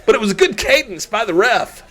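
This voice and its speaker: A man calling a wrestling match play-by-play, excitable and often shouting at the big moves. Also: sits high, a little fast, slight background noise. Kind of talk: live sports commentary.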